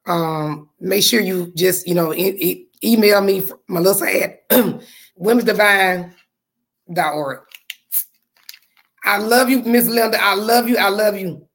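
Woman, podcast host, husky, hoarse, fervent preaching cadence, repetitive. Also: mid-range voice, takes it slowly. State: voice going hoarse. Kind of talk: spirited faith talk to listeners.

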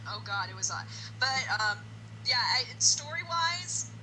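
A woman co-hosting a casual podcast chat about horror films, animated and quick to laugh, acting out movie lines. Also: sits high, husky, low-quality recording. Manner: animated, acts out movie lines in exaggerated voices, laughs often. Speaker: podcast co-host.

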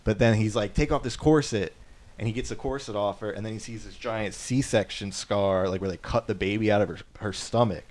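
A man's voice: lowish voice, fairly even intonation, fairly quick, few pauses, a little mellow. A man co-hosting a podcast, retelling a movie plot in a loose, rambling way, swearing and acting out the lines. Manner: rambling, swears freely, acts out quotes. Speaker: podcast co-host. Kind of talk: casual movie recap.

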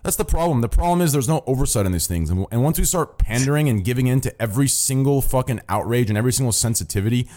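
A man's voice: medium pitch, lively intonation, fast, hardly any pauses, mellow. A young man hosting a stream voice chat, ranting bluntly with constant swearing and repeated "listen" and "okay?". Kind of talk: casual profane stream rant.

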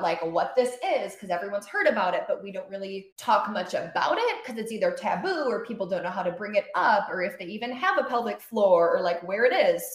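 A woman's voice: medium pitch, reverberant. A young woman physical therapist, a guest in a casual interview, talking with energy and lots of fillers. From Florida. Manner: enthusiastic, chatty, many fillers like "like" and "kind of".

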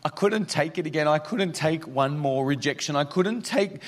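A man voicing a frightened young woman in goth clothes, who pleads haltingly and repeats herself. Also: low voice, pitched above the performer's own voice. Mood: pleading.

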